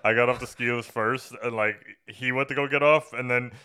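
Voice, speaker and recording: Young male podcast co-host, bright edge to the voice, loose and profane storyteller. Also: mid-range voice, steady tone, brisk, smooth. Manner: loose, swears a lot, tells stories animatedly. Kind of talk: casual movie-review chat.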